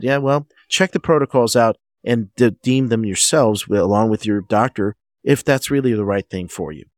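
A man who is a guest physician, answering interview questions in a halting way, often restarting his sentences. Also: mid-range voice, no room sound, studio quality. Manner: halting, frequent restarts and fillers. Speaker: guest physician, medical director.

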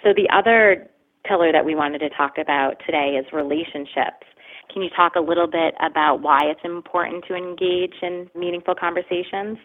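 A woman interviewer asking measured, explanatory questions. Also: fairly low pitch, steady tone. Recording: tinny phone-like sound.

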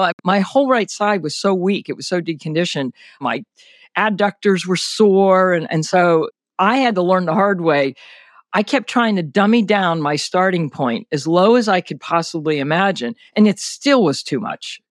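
High-voiced older man, candid storyteller. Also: animated, moderate pace, no room sound, studio quality. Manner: detailed and candid, many fillers like "you know" and "like". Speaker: guest, senior athlete recounting an injury. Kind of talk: conversational interview.

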